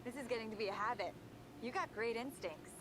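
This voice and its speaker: A woman voicing an eager young female car restorer in a racing game, talking in a brisk, encouraging way. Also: on the high side, close to an everyday voice. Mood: excited. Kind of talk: game dialogue. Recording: noisy game audio capture.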